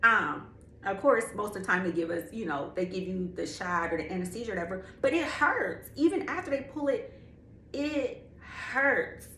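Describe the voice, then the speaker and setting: A woman's voice: medium pitch, animated, moderate pace, a bit bright. A young woman giving a candid, slangy faith testimony, emphatic and drawing out key words. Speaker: faith speaker. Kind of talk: personal testimony. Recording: echoey room with faint ambient noise.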